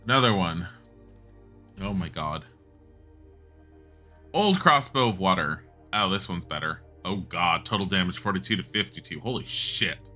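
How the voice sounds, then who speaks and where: A man comments on a game as he plays, speaking casually and bluntly and swearing from time to time. His voice sits slightly low but has a bright, sharp edge. Light music plays quietly behind him. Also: lively intonation, a little slow, long pauses. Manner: chatty, blunt, swears, thinks aloud. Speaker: game streamer.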